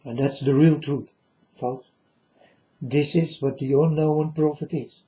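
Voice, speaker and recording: A man with a very dark, mellow voice delivers a solemn, rambling monologue at an unhurried, slow pace. He repeats himself and keeps turning to his listeners as folks. The recording sounds dull and lo-fi. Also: a little high, fairly even intonation. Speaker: self-styled prophet. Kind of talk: rambling spoken monologue to viewers.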